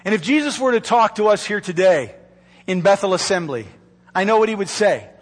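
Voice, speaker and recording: A man preaching a sermon from a church pulpit, earnest and pleading, slowing down to stress key words. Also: high voice, big pitch swings, in a large hall. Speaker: pastor. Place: church sanctuary. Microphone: microphone.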